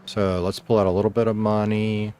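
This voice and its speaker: Smooth and a little mellow, his voice is on the low side with little pitch movement, and he speaks slightly fast. He's a gamer livestreaming, chatting loosely and wandering between self-talk and greeting the people watching.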